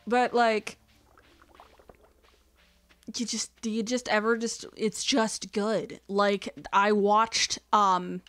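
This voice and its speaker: A woman's voice: medium pitch, little pitch movement, slow pace, pauses often, a bit bright, dry recording, soft background music. A young woman hosting a let's play, rambling casually as she plays, counting aloud and drifting into whispered asides. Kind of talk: casual gameplay commentary.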